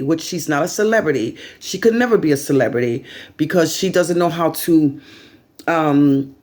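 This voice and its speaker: A woman's voice: low-pitched, darkish tone. A woman talking to her channel in a casual commentary vlog, rambling and repeating herself with many fillers. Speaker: vlogger.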